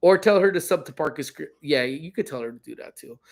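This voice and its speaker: A man's voice: on the high side, animated, quick pace, creaky. A man hosting a casual livestream from home, reading viewer comments and rambling along with jokes and teasing. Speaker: livestream host.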